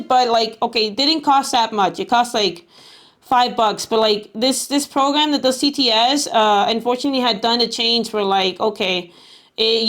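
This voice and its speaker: A woman's voice: fairly high pitch, a bit bright. A young woman livestreaming, talking casually to her chat in a rambling, exasperated way with lots of fillers. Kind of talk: casual live stream chat.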